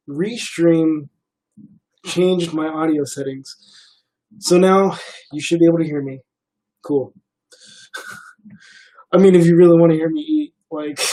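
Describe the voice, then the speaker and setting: A young man hosting a casual livestream, chatting loosely to his viewers with lots of fillers and restarts. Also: fairly high pitch. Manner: relaxed, rambling, many fillers. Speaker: livestream host.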